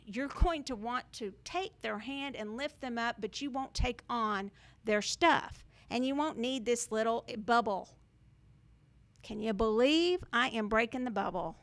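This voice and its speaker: A woman's voice: fairly high pitch, fairly bright tone. A woman hosting a spiritual talk to camera, emphatic and sarcastic, slipping into mocking quotes. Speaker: spiritual video host.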